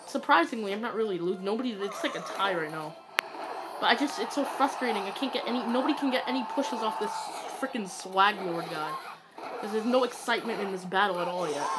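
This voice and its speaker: A woman giving excitable, ranting commentary while playing a mobile game, swinging between yelling and muttering. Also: medium pitch, fairly quick, very noisy. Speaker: gaming YouTuber. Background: loud game music.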